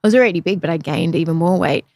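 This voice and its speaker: A woman's voice: on the low side, racing, vocal fry, a little mellow, no echo, studio quality. A woman from Australia, hosting a podcast and telling her own story in a frank, chatty, self-deprecating way. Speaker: podcast host. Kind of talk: candid conversational storytelling.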